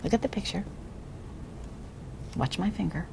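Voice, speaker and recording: A woman demonstrating a reading lesson with a young child, speaking slowly and encouragingly, often softly or in a whisper. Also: lowish voice, animated, gravelly, slight background noise. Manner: patient, slow, encouraging, drops to soft whispers. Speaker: reading tutor trainer.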